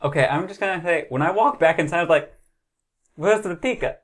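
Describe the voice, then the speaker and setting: A woman's voice: low-pitched, rapid-fire. A woman playing a tabletop role-playing game in casual chat. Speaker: player.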